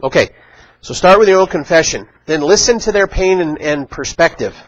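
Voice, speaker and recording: A middle-aged man giving a casual church talk, chatty and animated, acting out quotes as he tells stories. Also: on the high side, normal speed, dry recording, muffled recording. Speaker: church teacher. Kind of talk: casual sermon.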